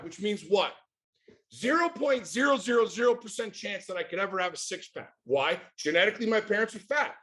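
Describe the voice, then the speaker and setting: A man in his forties from the United States, a podcast guest talking in a blunt, emphatic, profane way. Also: sits high. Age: 40s. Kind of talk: casual chat.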